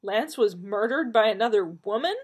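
Brief: a frantic, hot-tempered young woman, pitched high and all over the place, read by a husky-voiced female narrator. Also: very animated, normal speed, exaggerated voice. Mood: agitated. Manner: exasperated, pitched up and emphatic. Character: agitated confused adult woman, quick-tempered.

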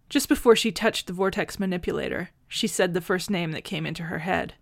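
A woman reading fan fiction aloud in a gentle, measured narrating voice. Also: fairly low pitch, vocal fry. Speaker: audiobook reader.

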